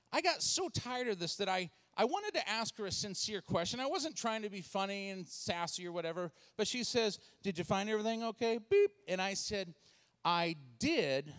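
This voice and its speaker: A man in his forties from Washington State, giving a comedic church talk and acting out voices in his stories. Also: high-pitched. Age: 40s. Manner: animated storytelling with acted-out voices. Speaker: speaker and comedian.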